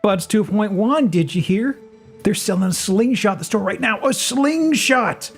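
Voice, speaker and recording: A man voicing an excitable young village boy, pleading and eager, while reading game dialogue. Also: high-pitched, normal speed, faint music behind, voice pushed up.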